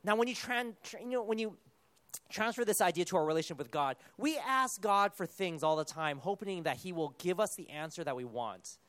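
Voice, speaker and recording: A man preaching a sermon in a conversational, animated way, with quick asides and self-corrections. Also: sits high, no room sound.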